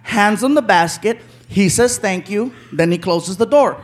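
A stand-up comedian telling a story on stage, animated and laughing as he acts it out. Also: high voice, moderate pace. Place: comedy stage before an audience. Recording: live club with loud crowd noise.

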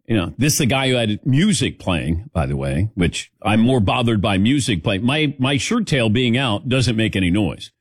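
A man hosting a sports talk show, telling stories in a rambling, animated way and acting out what others said. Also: lowish voice, no room sound, clean studio sound. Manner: rambling, animated storytelling with mimicked quotes. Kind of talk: casual sports talk chat.

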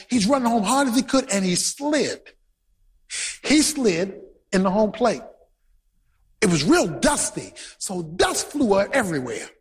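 A man preaching a sermon to a congregation, storytelling with bursts of shouted emphasis. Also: high-pitched. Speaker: pastor. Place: large church hall. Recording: reverberant hall, husky tone.

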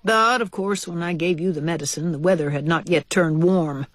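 A woman voicing a kindly older male white mouse in a storybook, courteous and measured. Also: lowish voice, no echo, lightly acted.

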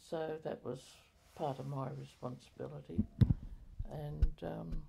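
An older woman recalling her community life in an oral history interview, halting with many fillers and self-corrections. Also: deep voice, steady tone, creaky, warm tone, husky.

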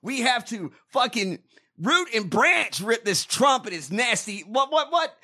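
A man hosting a casual podcast, ranting with profanity and bursts of shouting. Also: very high-pitched, sing-song, measured pace. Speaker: podcast host. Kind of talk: casual chat.

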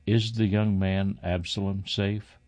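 A man's voice: deep voice, little pitch movement, slow, darkish tone. A man reading the part of an old king crying out in grief for his son. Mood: calm.

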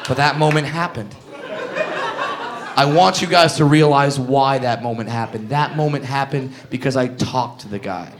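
A man doing a loud, animated stand-up comedy set in a club, telling stories with punchy asides. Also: medium pitch, normal speed. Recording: live club recording with crowd noise. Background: audience laughter.

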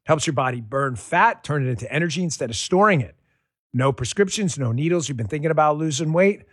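A man reading a sponsor ad live on a radio show as a pushy, energetic pitchman. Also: fairly quick, slightly rough, dry recording, studio quality.

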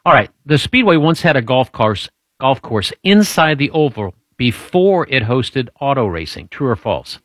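Running a trivia quiz in a casual radio-chat style, this host jokes and chats, drifting through explanations with restarts. He speaks at a moderate pace with hardly any pauses, his medium-pitched, fairly bright voice swinging widely in pitch. The sound is studio quality, with no room sound.

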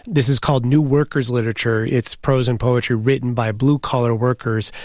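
A male news host interviewing a guest in a measured, conversational way. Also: mid-range voice, steady tone, darkish tone, no room sound, clean studio sound.

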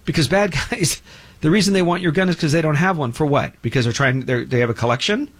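A middle-aged man with a fairly high, slightly rough voice talks fast as a show host. His opinionated monologue is emphatic and preachy, and he mocks imagined objectors by putting on voices.

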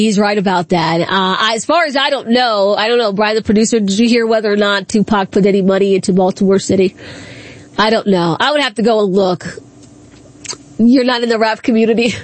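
A woman hosting a radio talk show, taking calls and giving her opinions in a conversational way. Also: fairly high pitch. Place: radio studio.

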